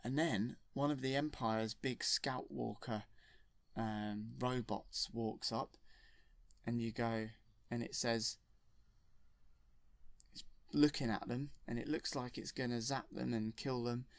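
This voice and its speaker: Rambling storyteller, gravelly edge, dry close sound. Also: male voice, medium pitch, steady tone, slow pace, pauses often, dry recording. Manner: rambling and enthusiastic, with self-corrections. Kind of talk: retelling a film from memory.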